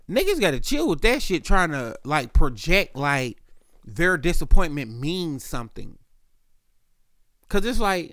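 A man hosting a podcast, telling a loose, profane story about his boss and clearing his throat often while he is sick. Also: a little high, sing-song, unhurried, fairly bright tone, dry recording, studio quality. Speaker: podcast host. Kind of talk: casual storytelling.

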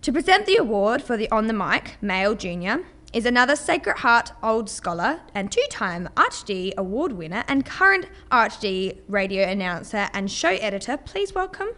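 A woman's voice: mid-range voice, sing-song, moderate pace, fairly bright tone. A young woman hosting an awards show with a cheerful, upbeat delivery. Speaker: awards host.

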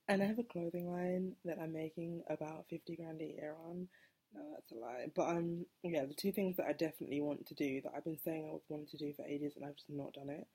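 A woman's voice: low-pitched, brisk, mellow, slightly rough. A woman in her twenties, hosting a casual solo podcast, rambling, correcting herself and laughing often. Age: 20s. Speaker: podcast host.

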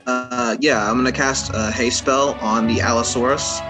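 A man's voice: medium pitch, fairly even intonation, moderate pace, over music. A man playing a tabletop game, talking bluntly and matter-of-factly. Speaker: player.

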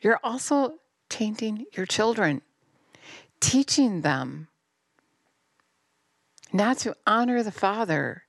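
A middle-aged woman delivers a fervent, scolding sermon, her voice climbing to near-shouts and sinking to low, intense stretches. Her pitch sits in an ordinary middle range for a woman. The recording is close and dry, with no room echo. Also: lively intonation, takes it slowly, pauses often. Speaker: preacher. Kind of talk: impassioned sermon.

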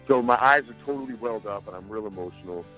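A man telling an animated story as a podcast guest, casually swearing and laughing. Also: on the low side, quick pace, faint music behind, poor audio.

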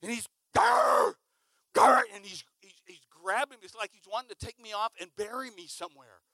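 A man preaching a sermon, telling a story with lively acted-out sounds and sudden shouts. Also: high-pitched, fast talker. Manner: animated, acts out sounds and shouts.

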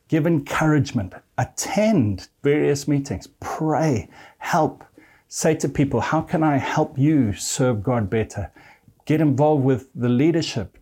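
A man's voice: mid-range voice, dark tone, slightly rough. A man preaching a sermon, reading scripture verses aloud and earnestly addressing his listeners as friend.

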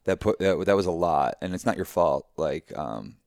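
A man with a very low, gravelly voice, recorded dry and close. He talks emphatically and effusively in a casual, heartfelt conversation, swears freely and uses spiritual language. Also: lively intonation, moderate pace, a little mellow, no echo.

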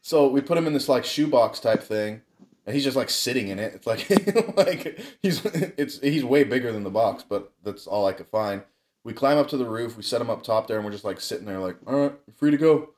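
A man's voice: mid-range voice, expressive, a little fast, a little mellow. A young man telling a wild childhood story in casual, profane chat, laughing often.

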